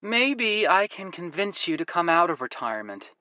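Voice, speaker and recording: A man's voice: sing-song, normal speed, bright, forceful tone, dry recording, exaggerated voice. A man voicing a persistent, friendly young woman with an American accent, in a breezy, coaxing manner. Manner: breezy, coaxing, lifted pitch.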